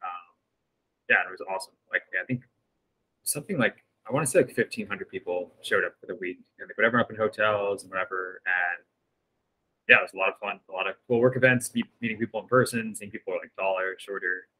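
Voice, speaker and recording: A man's voice: fairly low pitch, fast, bright, forceful tone, breathy edge, poor audio. A man in his twenties co-hosting a podcast over a video call, chatting in an upbeat, rambling way with lots of fillers. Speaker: podcast co-host. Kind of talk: casual chat.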